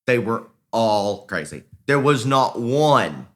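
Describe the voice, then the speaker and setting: A man's voice: mid-range voice, slow. A man co-hosting a podcast, telling stories casually and acting out the voices of the people in them. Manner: animated, acts out quoted voices, laughs while telling. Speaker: podcast co-host. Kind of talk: casual storytelling.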